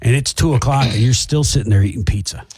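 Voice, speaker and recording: Husky man chatting on radio. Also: mid-range voice, fast talker, a little mellow, no room sound. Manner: rambling, with restarts and fillers. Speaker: radio show co-host. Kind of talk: casual radio chat.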